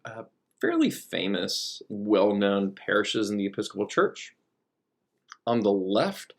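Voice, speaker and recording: A man's voice: medium pitch, gravelly. A man who is a priest, giving a conversational teaching talk with frequent fillers and restarts. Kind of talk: recorded teaching talk over slides.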